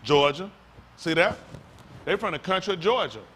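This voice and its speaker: A male pastor preaching loudly and quizzing his congregation, asking questions and calling on listeners. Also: high voice, big pitch swings, normal speed, breathy edge. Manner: loud, rhetorical, questions the congregation. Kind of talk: sermon with audience back-and-forth. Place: congregation hall.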